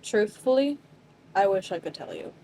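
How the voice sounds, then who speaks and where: A woman's voice: medium pitch, lively intonation, moderate pace, mellow, a little hiss or hum, natural voice, low-quality recording. A woman voicing an evasive man who pleads to avoid a conversation.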